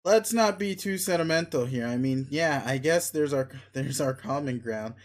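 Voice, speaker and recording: A man's voice: fairly high pitch, lively intonation, moderate pace, natural voice. A man reading a webcomic aloud, voicing an arrogant, crude young male alien who talks in a pushy, sneering, blunt way. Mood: domineering.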